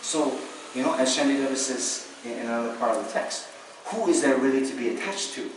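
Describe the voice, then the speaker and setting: Man teaching in an echoey hall. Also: mid-range voice. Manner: conversational, checks in often with "right?" and "you understand?"; acts out ordinary views in quick asides, laughs lightly. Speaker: Buddhist teacher. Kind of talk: dharma teaching to a class. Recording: echoey hall, distant, faint hiss.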